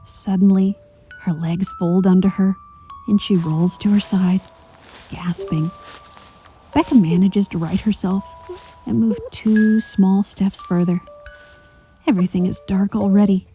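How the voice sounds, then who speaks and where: A woman reading a dark fan story aloud, measured and at times hushed to a whisper. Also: mid-range voice, fairly even intonation, faint music behind. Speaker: narrator.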